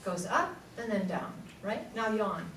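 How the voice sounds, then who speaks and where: A very animated woman with a medium-pitched voice speaks a little slowly, distant from the mic, while leading a voice workshop for a live audience in a large room. The singing teacher is playful, laughs often, and demonstrates vowel sounds by singing them; echo and room noise are audible.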